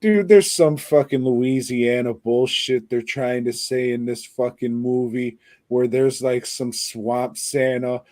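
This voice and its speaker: A man's voice: medium pitch, steady tone, slow, few pauses, a little mellow, no echo. A man co-hosting a podcast, rambling and crude in casual chat about a movie. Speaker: podcast co-host.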